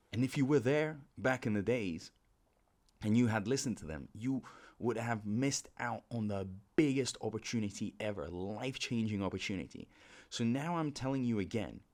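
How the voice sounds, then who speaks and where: A man hosting a crypto commentary video, urgent and persuasive, repeating himself and drawing out the words he stresses. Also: on the low side. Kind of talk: casual commentary to camera.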